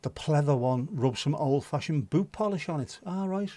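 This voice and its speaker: A man's voice: a little high, lively intonation, moderate pace, warm tone. Jokey, sweary man hosting. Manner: jokey, sweary and self-mocking. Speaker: livestream host. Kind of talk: casual chat reading viewer comments.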